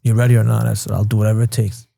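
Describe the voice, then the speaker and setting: A man in his thirties from Queens, New York, appears as a podcast guest, bluntly telling his life story, swearing freely and acting out past conversations. His lowish voice is gravelly and mellow, very fast with little pitch movement, recorded clean in a studio with no echo.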